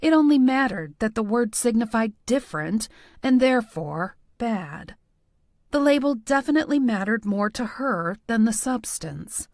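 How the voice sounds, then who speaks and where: Female audiobook narrator, first person, wry and self-deprecating; lively, slightly high pitch, dry booth sound. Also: moderate pace, dry recording.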